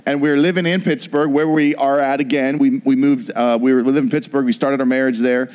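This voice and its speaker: A middle-aged man preaching a sermon, telling a personal story with animated storytelling and acted-out voices. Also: medium pitch, fairly quick, clear, resonant tone. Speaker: pastor.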